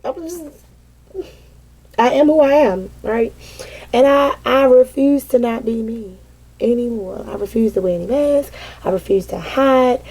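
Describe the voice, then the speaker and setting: A woman's voice: a little high, unhurried, pauses often, mellow, breathy edge. A woman giving a casual vent session to her viewers as a tarot reader, dramatic and profane, often breaking into laughter.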